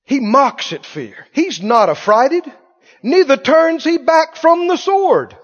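Very high-pitched fiery male preacher. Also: very animated, takes it slowly, lo-fi sound. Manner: fiery, colloquial preaching with mocking asides. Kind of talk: sermon.

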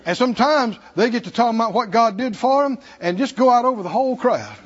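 A man's voice: very high-pitched, animated, fairly quick, lo-fi sound. A man with a Southern American accent preaching a sermon in a church, folksy and humorous, chuckling between points. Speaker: pastor. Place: church sanctuary.

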